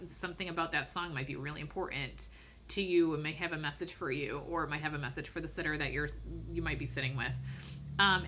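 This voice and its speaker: A woman talks through spiritual ideas as a podcast host. Her voice sits a little low yet sounds bright and forceful, with earnest, rambling explanations full of fillers. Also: slight background noise. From Boston. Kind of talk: casual spiritual podcast talk.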